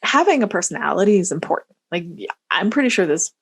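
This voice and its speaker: A woman co-hosting a podcast in casual chat, talking in a chatty, animated way with many restarts. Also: on the low side, quick pace, creaky, a little hiss or hum. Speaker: podcast co-host.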